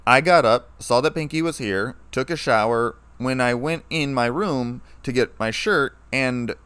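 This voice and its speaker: A man reading a story aloud, playing a scarred, weary ex-soldier who speaks in a low, flat, calm way. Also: a little slow, clean tone, no room sound, lightly acted.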